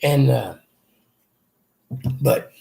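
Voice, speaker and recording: A man's voice: mid-range voice, very slow, vocal fry, mellow. An older man, earnestly telling a rambling personal story in an interview. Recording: echoey room.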